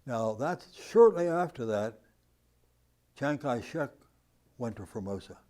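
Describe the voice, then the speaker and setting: A man in his nineties from the United States, telling war stories in an interview as an animated storyteller who chuckles at his own tale. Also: medium pitch, slow. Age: 90s. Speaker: veteran interviewee. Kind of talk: recounting war memories in an interview.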